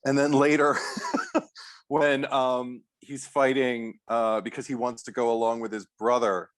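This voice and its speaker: A man's voice: mid-range voice, little pitch movement, unhurried. Enthusiastic rambling man. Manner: enthusiastic, rambling, full of fillers and quotes. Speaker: podcast co-host. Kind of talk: casual chat.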